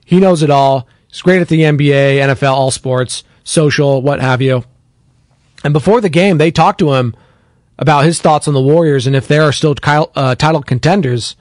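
A male sports radio host whose voice sits a bit high and swings up when he gets worked up. He talks bluntly and casually, as if on a pregame show. The studio sound is close and dry. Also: normal speed, no echo. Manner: animated, blunt and conversational, reads viewer comments.

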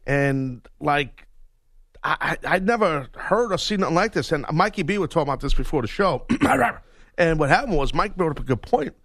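A man's voice: fairly high pitch, lively intonation, moderate pace, fairly bright tone, no echo. A man co-hosting sports radio, rambling in loose slang and calling people dude and bro. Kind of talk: casual sports radio banter.

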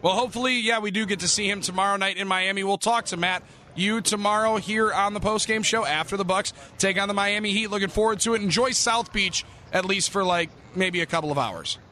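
A man hosting a sports radio postgame show, chatting smoothly and upbeat with a reporter. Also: high-pitched, a little fast, sharp tone, a little hiss or hum. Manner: smooth, upbeat broadcaster delivery.

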